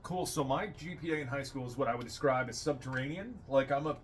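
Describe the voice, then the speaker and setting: A man's voice: medium pitch, quick pace, a little hiss or hum. A man hosting a casual interview, joking in a self-deprecating way. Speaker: interview host, Army veteran. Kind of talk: casual chat.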